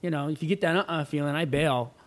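Animated surfer man telling a story. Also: a little high, fast. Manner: animated, acts out quoted voices, swears freely. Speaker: guest. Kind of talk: casual storytelling.

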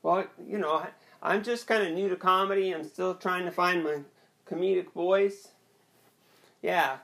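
Young male comic, slightly high voice, slow halting deadpan set. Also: vocal fry. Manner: hesitant, rambling, deadpan delivery with many restarts. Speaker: stand-up comedian. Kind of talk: awkward self-deprecating stand-up set.

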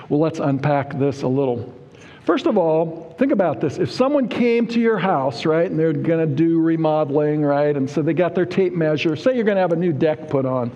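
A male pastor with a fairly high, expressive, warm voice preaches a sermon at a moderate pace, keeping it conversational and often asking the congregation "Amen?" The lo-fi recording carries the long reverb of a church sanctuary.

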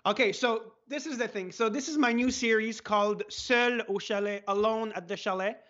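Quebec French man, excitable guest in a casual chat, lo-fi sound. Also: high voice, moderate pace. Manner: excitable, laughing, swearing. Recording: dull lo-fi sound.

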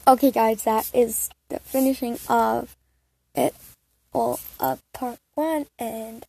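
A woman reading fan fiction aloud in a halting way, often stumbling and restarting over the text. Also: fairly high pitch, steady tone, gravelly, warm tone. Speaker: reader.

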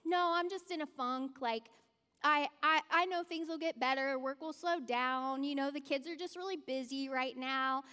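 Woman playing a worn-out man, hesitant, full of fillers, high voice, long hall reverb. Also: normal speed, pushed and bright. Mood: weary, hesitant. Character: tired, down-in-the-dumps man at a grill.

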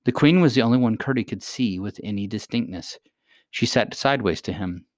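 A man narrating a storybook aloud in a steady, even read. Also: lowish voice, no room sound, studio quality. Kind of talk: storybook reading.

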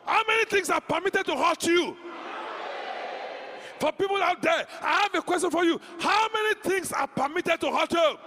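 A man preaching a charismatic sermon, shouting declarations, speaking in tongues and leading the congregation in call-and-response. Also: very high voice, animated, moderate pace, a faint crowd, a little hiss or hum. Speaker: pastor. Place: large church sanctuary. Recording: reverberant church hall.

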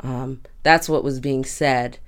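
A woman in her twenties from Durham, North Carolina, telling a personal story in a thoughtful way with frequent pauses. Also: very deep voice, fairly even intonation. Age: 20s. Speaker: community storyteller. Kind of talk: reflective storytelling.

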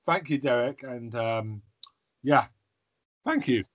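A man's voice: mid-range voice, expressive, takes it slowly, highs cut off. A man hosting a casual podcast, laughing at himself and swearing often as he chats with his co-hosts. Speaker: podcast host.

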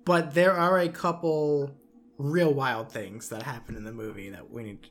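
A man co-hosts a relaxed movie chat. He jokes in a dry way and wanders through his points with fillers. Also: mid-range voice, normal speed. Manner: dry, joking, meandering. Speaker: podcast co-host. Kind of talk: casual movie-review chat.

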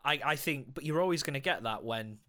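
A man co-hosting a chat show, talking loosely and swearing now and then. His voice sits in a middle pitch and stays even. He mocks himself with ease. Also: brisk. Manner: chatty, swearing, self-mocking. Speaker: podcast co-host. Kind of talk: casual chat.

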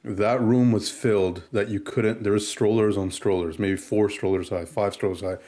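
A man in casual chat, telling an animated story and acting out the exchanges he quotes. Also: lowish voice, moderate pace.

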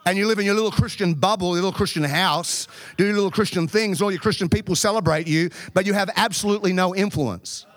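A man preaching a sermon in a lively, joking way with quick asides. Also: high voice, no echo. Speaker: pastor.

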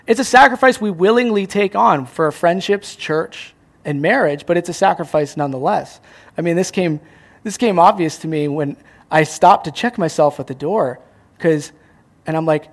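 A young man preaching a sermon as pastor, animated, acting out little scenes and joking at his own expense. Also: high voice. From Canada. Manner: animated, acts out voices, self-mocking jokes.

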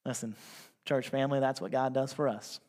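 A man preaching a sermon, reading scripture slowly and telling a story in a hushed voice. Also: mid-range voice, fairly even intonation. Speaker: pastor.

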